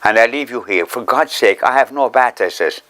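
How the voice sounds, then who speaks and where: A man's voice: moderate pace, bright, forceful tone. An older Irish man reminiscing in a documentary interview, rambling and repeating himself as he recalls the past. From Ireland. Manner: rambling, repeats words, acts out quotes in higher voice. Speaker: interviewee telling his life story.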